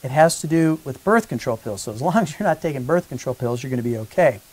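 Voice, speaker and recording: Casting note: chatty male physician explaining treatment, middle-pitched, lively retellings. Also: fast talker, breathy edge, low-quality recording. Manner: conversational, animated when acting out exchanges. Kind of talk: educational talk to patients.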